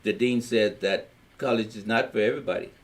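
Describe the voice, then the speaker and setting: A man's voice: on the low side, brisk. An older man from Louisiana with a Louisiana accent, telling his life story in a family history recording, plain-spoken and rambling as he acts out old conversations.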